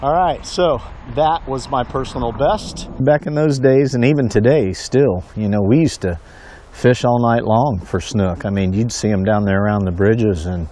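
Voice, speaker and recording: Excitable middle-aged fisherman whooping outdoors. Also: medium pitch, moderate pace. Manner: excitable, whooping, folksy storytelling. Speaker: fishing vlogger. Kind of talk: casual fishing commentary. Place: outdoors on a bridge at night.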